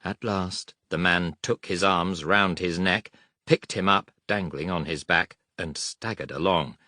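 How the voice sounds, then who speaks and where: Deep-voiced man narrating an audiobook. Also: sharp tone, no room sound, clean studio sound. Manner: measured, dramatic storytelling.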